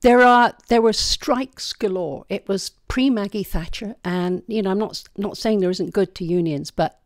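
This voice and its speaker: Recounting her life in a relaxed interview, this retired physician from the UK speaks with a British accent and a frank, talkative manner. She is an older woman with a medium-pitched voice at normal speed, recorded at studio quality with no room sound.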